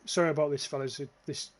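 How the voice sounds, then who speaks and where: A young man with a northeast English accent, streaming gameplay live and chatting casually with his viewers, often swearing and restarting his phrases. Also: fairly high pitch. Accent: northeast English, near North Yorkshire. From northeast England. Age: young adult. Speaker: gaming livestreamer.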